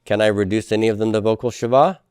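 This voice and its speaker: A man's voice: lowish voice, steady tone, fast, darkish tone, clear, resonant tone, dry recording, studio quality. A man teaching a class in a lecture style, explaining step by step and often checking with the students. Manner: explanatory, asks checking questions, frequent fillers.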